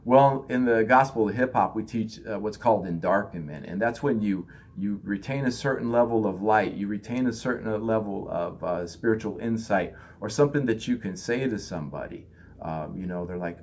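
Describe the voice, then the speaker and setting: A man's voice: on the low side, brisk, a little mellow, a little hiss or hum. A man giving a loose, conversational spiritual talk, now and then acting out other people in raised voices. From United States. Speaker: spiritual teacher.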